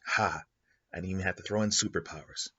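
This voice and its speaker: Husky low-voiced male storyteller. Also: steady tone, fast talker, pushed and bright, lo-fi sound. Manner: rambling, many fillers and restarts. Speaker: host. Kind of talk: improvised storytelling.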